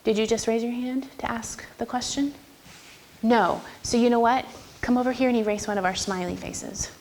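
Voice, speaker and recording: A woman music teacher leading a first-grade class, firm and clear, sometimes breaking into a sung or high voice to show a rhythm. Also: fairly even intonation, moderate pace, darkish tone, slight background noise.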